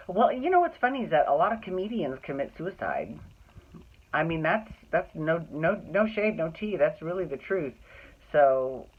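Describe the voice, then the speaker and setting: Chatty podcast host on a tinny line. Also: medium pitch. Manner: chatty, rambling, with frequent restarts and laughs; campy slang. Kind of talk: casual gossipy recap chat. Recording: tinny phone-like sound.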